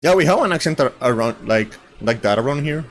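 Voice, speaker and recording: A man whose first language is Spanish, hosting a casual podcast chat in a halting, filler-heavy, giggly way. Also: medium pitch, animated. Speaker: podcast host.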